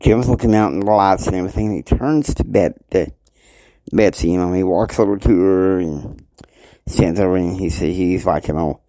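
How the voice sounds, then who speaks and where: Low-voiced man rambling through a story. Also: mellow, dry recording. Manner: loose, halting, many "you know" fillers.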